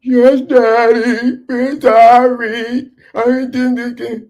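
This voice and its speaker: A man's voice: level tone, darkish tone, exaggerated voice. A man doing a frightened little boy. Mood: pleading. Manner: high-pitched, whiny, drawn-out pleading. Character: scared young boy pleading with his dad.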